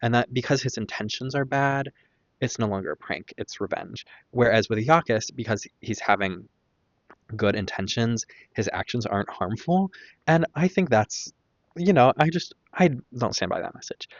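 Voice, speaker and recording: A man's voice: medium pitch, moderate pace, dry recording, muffled recording. A man hosting a casual podcast, rambling and opinionated with lots of fillers and tangents. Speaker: podcast host. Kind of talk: casual stream-of-consciousness commentary.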